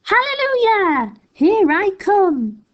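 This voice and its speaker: A woman voicing a screechy, wilful old grandmother who whoops and shouts in a storybook read-aloud. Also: very high voice, sing-song, takes it slowly, muffled recording, pitched above the performer's own voice, heavily acted. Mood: whooping.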